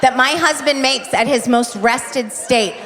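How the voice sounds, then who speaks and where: A woman's voice: high-pitched, measured pace. Chatty woman comic in a reverberant hall. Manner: chatty, confiding, checks in with the crowd. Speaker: stand-up comedian. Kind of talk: stand-up comedy. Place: theater stage. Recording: reverberant live venue, faint noise.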